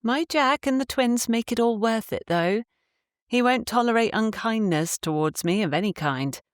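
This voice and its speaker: A woman's voice: on the high side, animated, normal speed, no echo, studio quality, pitched above the performer's own voice, close to an everyday voice. A woman voicing a cheerful, affectionate young Cornish wife in an audiobook, speaking in a lilting dialect. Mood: fond.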